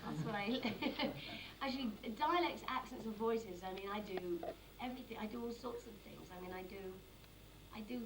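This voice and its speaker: A woman in her fifties, an actress chatting lively and theatrically with fans, full of anecdotes. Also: a little high, moderate pace, roomy sound. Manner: animated, theatrical, breaks into voices and laughter. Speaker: interviewee, actress. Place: function room with an audience. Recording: amateur distant mic, crowd and noise.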